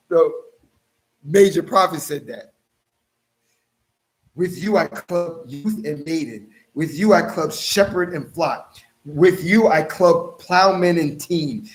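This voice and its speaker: A man preaching, reading scripture aloud and commenting on it, talking straight to his listeners and slowing down to stress key phrases. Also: fairly high pitch, poor audio.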